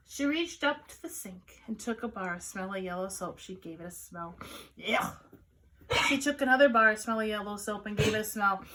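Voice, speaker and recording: A woman, a children's caregiver, reading a picture book aloud to children in an animated, sing-song storytelling manner. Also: mid-range voice, slight background noise, poor audio.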